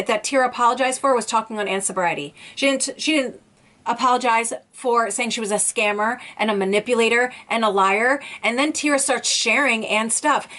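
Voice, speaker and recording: A woman's voice: fairly high pitch, fairly bright tone. A woman vlogger ranting in an indignant, emphatic way, repeating phrases for emphasis as she speaks to her viewers. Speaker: YouTube vlogger. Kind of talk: ranting commentary vlog.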